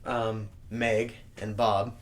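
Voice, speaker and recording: A man's voice: fairly low pitch, flat delivery, very slow. Joking man riffing on a movie. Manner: joking, crude quips and punchlines. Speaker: podcast co-host. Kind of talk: casual movie recap chat.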